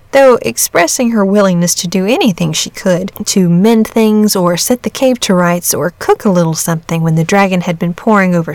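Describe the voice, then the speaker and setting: A woman narrating a storybook tale in a measured, gentle storytelling manner. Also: mid-range voice, no room sound.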